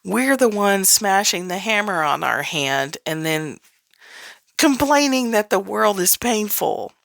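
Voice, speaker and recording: A woman's voice: medium pitch, very animated, takes it slowly, creaky, fairly bright tone, dry recording. A woman hosting a podcast in a casual, candid teaching style, laughing often and swearing freely. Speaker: podcast host.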